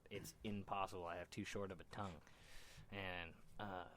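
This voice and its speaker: Man, deep voice, loose and profane, excitable casual talker. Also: normal speed, a little hiss or hum. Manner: animated, swears a lot, laughs while talking. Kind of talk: casual chat. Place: room with friends.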